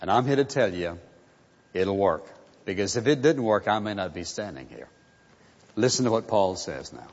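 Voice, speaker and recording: A man's voice: fairly low pitch, expressive. Guy preaching a sermon, drawn out and emphatic, big hall echo, kinda muffled. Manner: slow, emphatic preaching with repeated phrases. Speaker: pastor. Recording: muffled sound in a reverberant hall.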